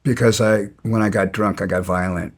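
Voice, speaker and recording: A man's voice: on the low side, steady tone, normal speed. A man as an interview guest, telling stories bluntly and with some resentment, stumbling and restarting his sentences. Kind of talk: casual storytelling.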